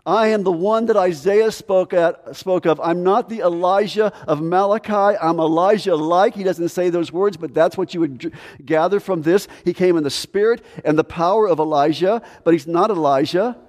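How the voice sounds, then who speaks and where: High-voiced preaching man, long hall reverb. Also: darkish tone. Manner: earnest, measured preaching with verse-by-verse explanation. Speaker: pastor. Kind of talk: sermon. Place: church sanctuary.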